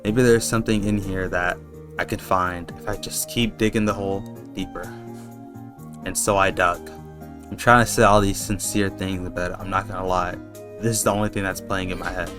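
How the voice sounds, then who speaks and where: A man's voice: low voice, steady tone, moderate pace, music in the background. A young man rambling casually in a vlog, slangy and swearing, calling his viewers bro. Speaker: video essayist.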